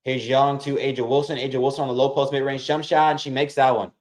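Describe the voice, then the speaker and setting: A fast-talking man with a mid-range voice runs a casual basketball watch-along, giving play-by-play while speaking straight to his audience. He's excitable and keeps addressing them as "y'all."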